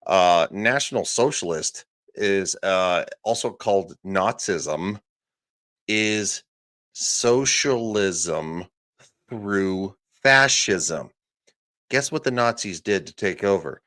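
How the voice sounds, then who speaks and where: Slow-talking, profane male streamer. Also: low-pitched, lively intonation, a bit bright. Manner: profane, sarcastic, laughing asides. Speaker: streamer reacting to a podcast clip. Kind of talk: casual live commentary.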